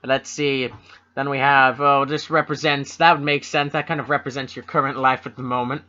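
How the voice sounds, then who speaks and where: Bright-voiced wry Canadian man, lo-fi. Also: mid-range voice, flat delivery, normal speed. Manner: wry, self-mocking, mock-solemn fortune telling. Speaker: podcast co-host. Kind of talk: casual joking chat. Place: home room at a computer. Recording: dull lo-fi home computer mic.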